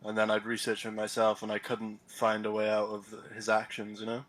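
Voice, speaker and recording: A man telling his story over an online call, halting and full of fillers and restarts. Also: fairly low pitch, completely flat delivery, a bit bright, rough recording. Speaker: caller, convert recounting his experience.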